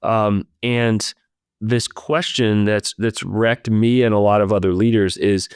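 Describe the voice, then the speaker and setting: A man's voice: lowish voice, steady tone, a little slow, clean tone, no room sound, clean studio sound. A man hosting a leadership podcast, talking in an earnest, reflective way and speaking straight to his listeners. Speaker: podcast host.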